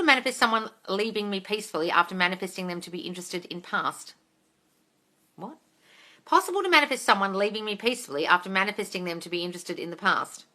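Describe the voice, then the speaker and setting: Bright-toned, frank woman hosting a live chat. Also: medium pitch, expressive, fast. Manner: frank and swearing, reads out comments, calls listeners darling. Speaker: host of a manifesting Q&A live stream. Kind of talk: casual live-stream chat answering viewer comments.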